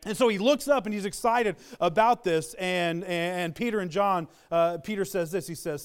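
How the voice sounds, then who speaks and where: A man's voice: high-pitched, normal speed, clear, resonant tone. A man preaching a sermon, retelling a story with earnest, building emphasis.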